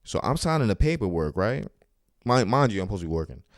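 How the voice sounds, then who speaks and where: A man's voice: lowish voice, very animated, fast talker, dry recording, clean studio sound. A man who does stand-up comedy, hosting his own podcast and telling casual, profane, slang-filled stories about his week. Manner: loose, profane, slang-heavy storytelling. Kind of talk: casual solo storytelling podcast. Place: New York City.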